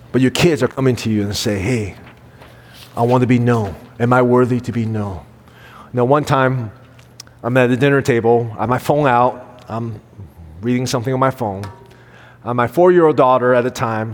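A man in his thirties or forties preaching a sermon, earnest, shifting from loud emphasis to soft, quiet quotes. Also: mid-range voice. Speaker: pastor. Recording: long hall reverb.

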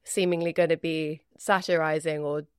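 British woman on a movie podcast, low-ish voice, chatty, dry mic. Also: little pitch movement, normal speed, smooth, no echo. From Britain. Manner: chatty, laughs easily. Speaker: podcast guest. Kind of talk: casual film discussion.

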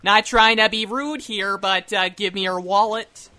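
A man's voice: high voice, steady tone, unhurried, heavy background noise. A man voicing a rude shopkeeper demanding payment, in a mock accent. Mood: mock threatening.

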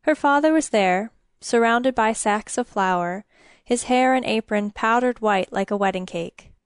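A woman narrating a story in a measured, even storytelling manner. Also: fairly high pitch, clear, resonant tone, no echo, studio quality.

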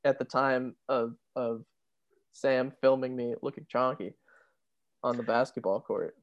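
A man's voice: medium pitch, fairly even intonation, a little slow. A man co-hosting a podcast, joking and teasing his friend in casual banter. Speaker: podcast co-host. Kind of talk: casual chat. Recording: dull lo-fi sound.

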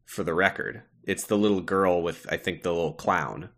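A man's voice: deep voice, moderate pace, a bit bright. A man co-hosting a podcast, chatting casually and jokingly about a TV episode, with some swearing. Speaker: podcast co-host. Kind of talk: casual chat recapping a TV episode.

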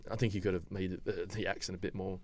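A man's voice: low voice, flat delivery, fast. A man co-hosting a podcast, talking bluntly in casual chat, swearing freely. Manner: blunt and swearing, laughs often. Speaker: podcast co-host.

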